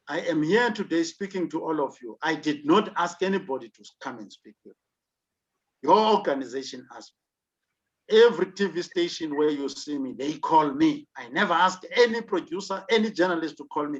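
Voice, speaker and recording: A man's voice: on the high side, animated, moderate pace. Emphatic South African man lecturing. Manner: emphatic, rhetorical questions. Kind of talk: online leadership lecture. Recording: dull lo-fi recording.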